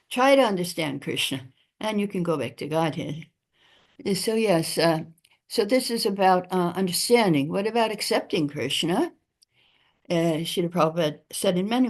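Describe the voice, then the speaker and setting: A woman with a somewhat low voice teaches a devotional scripture class in a temple. She talks in an unhurried way and pauses often between phrases. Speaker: class speaker.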